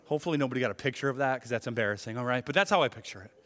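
A man's voice: medium pitch, expressive, rapid-fire, a bit bright. A man preaching a sermon as pastor, talking in a conversational way and acting out the voices he quotes. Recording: long hall reverb.

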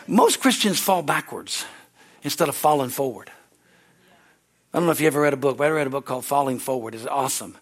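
A middle-aged man preaching a sermon as pastor, fervent and repetitive, rising to shouted exhortations. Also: mid-range voice, animated, fast.

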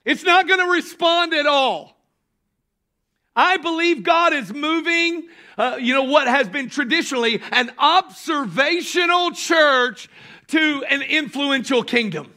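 A man pastor preaching a sermon with emphatic bursts of shouting, calling on the congregation to answer back. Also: very high voice, expressive, unhurried. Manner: calls on the congregation to respond.

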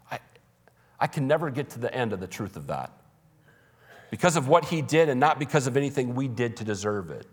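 A man's voice: mid-range voice, big-room sound. A man preaching a sermon as pastor, emphatic and conversational, with humorous asides. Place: church.

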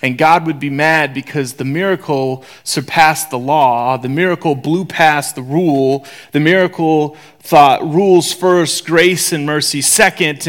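A man preaching a sermon in a conversational, joking way, swinging from loud to hushed whispers. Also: on the high side. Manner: conversational, joking, acts out voices.

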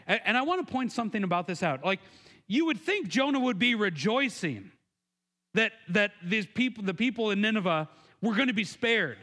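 Casting: male pastor, high bright voice, earnest conversational sermon, stammered restarts. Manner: acts out quotes with raised pitch and emphasis.

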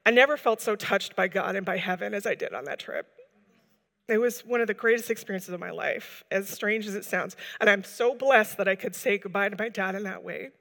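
A woman's voice: medium pitch, a little fast, vocal fry, a bit bright. Earnest woman telling a story in a hall. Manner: earnest, rambling storytelling with many "like"s. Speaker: church member giving a testimony. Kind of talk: personal testimony to a gathering.

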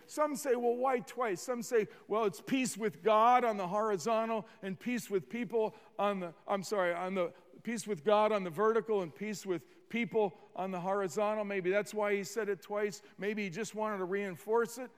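A man's voice: high voice, moderate pace, big-room sound. A man preaching a sermon as pastor, earnest, repeating words and leading the congregation in responses.

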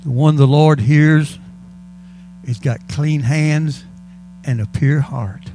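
A man's voice: on the high side, slow, warm tone, slight background noise. A male pastor preaching a sermon in a church, fervent and calling out to the congregation. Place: church sanctuary.

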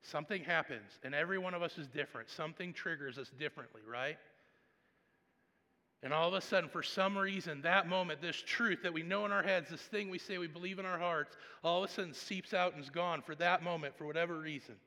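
A man preaching a sermon and telling a personal story, swinging between hushed, quiet passages and loud, animated ones. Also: on the high side, brisk, big-room sound. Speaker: pastor.

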